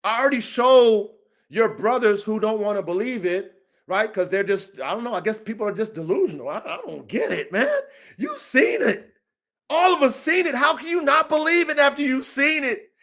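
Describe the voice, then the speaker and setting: A man with a high voice for his sex, hosting a dog-training podcast. He rants in a heated, confrontational way, swearing freely and repeating himself for emphasis. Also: animated, brisk, a bit bright. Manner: profane, repetitive, confrontational. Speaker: dog trainer and show host.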